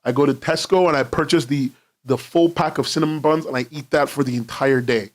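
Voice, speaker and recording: A man's voice: mid-range voice, steady tone, brisk. A young man streaming from his home in London, rambling casually, laughing often and swearing freely.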